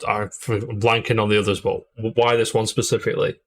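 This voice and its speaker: A man's voice: fairly low pitch, little pitch movement, moderate pace, slight background noise. A man co-hosting a casual podcast, chiming in with friendly interjections. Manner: friendly interjections, says "mate" often. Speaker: co-host.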